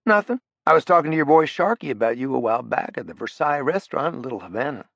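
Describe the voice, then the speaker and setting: A man voicing a dry, teasing, lawful sidekick in an audiobook, low-key and understated. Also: expressive, quick pace, vocal fry, a bit bright, dry recording, dull audio. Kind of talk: audiobook character voice.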